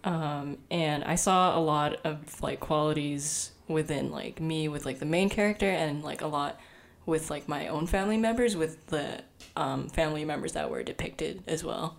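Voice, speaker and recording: A woman's voice: deep voice, normal speed, vocal fry. A young woman co-hosting a casual podcast chat, talking freely with lots of fillers and frequent laughter. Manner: chatty, many fillers, laughs often. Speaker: podcast co-host.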